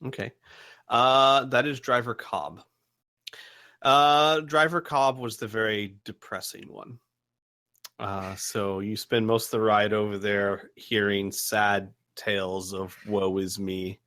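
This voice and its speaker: A man's voice: fairly low pitch, little pitch movement, slow, sharp tone. A man narrating as game master of a tabletop role-playing game, rambling with fillers and restarts.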